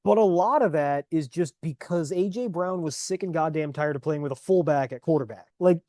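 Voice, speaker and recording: A man's voice: fairly high pitch, fairly quick, mellow, no echo. Ranting profane man, dry close sound. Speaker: podcast co-host. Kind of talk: casual sports betting podcast chat.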